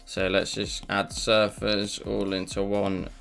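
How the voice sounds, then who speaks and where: Gravelly low-voiced man chatting. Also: level tone, takes it slowly, a bit bright. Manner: chatty, rambling, self-deprecating asides. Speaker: live-streaming digital artist. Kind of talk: casual live-stream chat while drawing. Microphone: desk mic.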